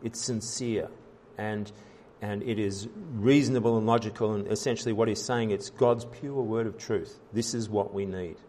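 A man's voice: on the low side, fairly even intonation, moderate pace, a little mellow, slight background noise. Earnest man preaching a sermon. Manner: earnest preaching, many fillers and restarts, rising emphasis. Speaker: pastor.

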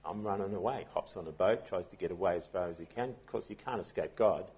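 A man's voice: low voice, quick pace, a little mellow, husky. A man preaching a sermon as pastor, telling a story in a conversational way with frequent restarts.

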